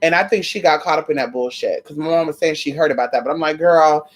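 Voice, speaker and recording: A woman telling a story in a casual vlog, sassy and animated, with heavy swearing. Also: deep voice, fast talker. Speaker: vlogger.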